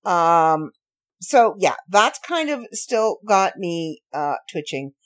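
A woman hosting her own podcast from home late at night, ranting in a sarcastic way with slow, drawn-out emphasis. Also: fairly low pitch, very animated. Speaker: podcast host. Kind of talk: ranty solo podcast monologue.

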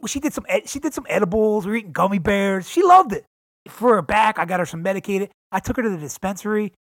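A man's voice: high voice, fairly bright tone, no room sound, studio quality. Hyped, cursing man hosting a podcast. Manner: profane, hyped, keeps calling listeners "guys". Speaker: podcast host. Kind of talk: casual solo podcast monologue. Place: home in San Diego.

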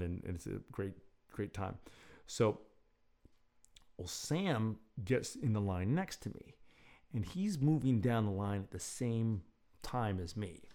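A man's voice: fairly low pitch, a little mellow. A man telling a casual, rambling story with self-deprecating humor. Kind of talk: casual anecdote.

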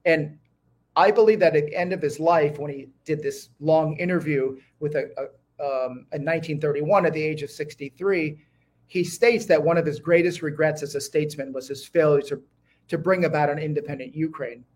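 A man's voice: on the high side, normal speed, a little mellow. A man speaking as a guest historian in an interview, eager and talking in bursts with many restarts. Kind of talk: conversational interview.

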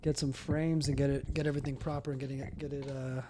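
A man's voice: medium pitch, little pitch movement, fast talker, warm tone, a little hiss or hum. A man co-hosting a podcast, chatting in an easygoing way and chiming in with short reactions. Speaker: podcast co-host. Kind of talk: casual chat.

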